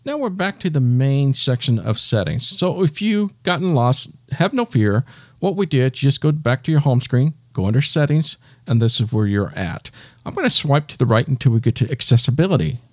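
In studio-quality audio with no room sound, a man hosts a step-by-step tech tutorial, patiently talking the listener through every gesture. His voice is medium-pitched, a little mellow and very animated, delivered at normal speed.

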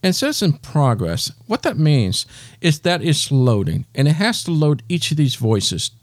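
A man's voice: a little high, very animated, moderate pace, no room sound, studio quality. A man hosting a step-by-step tutorial, patiently talking the listener through each gesture. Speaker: tech tutorial host.

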